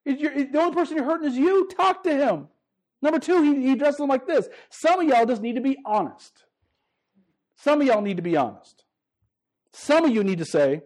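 High-voiced emphatic male preacher. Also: expressive, fairly quick, darkish tone. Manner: emphatic, repeats phrases, stammers on restarts. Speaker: pastor. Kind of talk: sermon.

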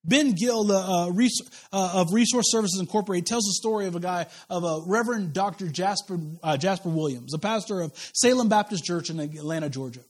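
A man's voice: sits high, a little fast, hardly any pauses. A pastor from Kansas preaching a sermon to his church, mixing humorous personal stories with repeated rhetorical questions. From Kansas, USA. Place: church service.

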